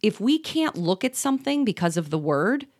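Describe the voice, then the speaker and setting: A woman's voice: mid-range voice, big pitch swings, moderate pace, darkish tone. A woman co-hosting a podcast in casual chat, talking reflectively at an uneven pace. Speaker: podcast co-host.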